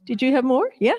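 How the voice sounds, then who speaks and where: A woman's voice: high voice, darkish tone, slightly rough. A woman who is the outgoing president of an association, giving an informal acceptance speech. She sounds touched and laughs between phrases. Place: live awards event.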